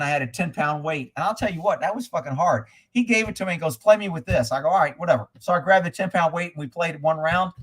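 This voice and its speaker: Reading his chat aloud, this middle-aged livestream host is crude, blunt, and quick with a joke. His pitch runs slightly high with a touch of brightness. The talk is loose and full of profanity.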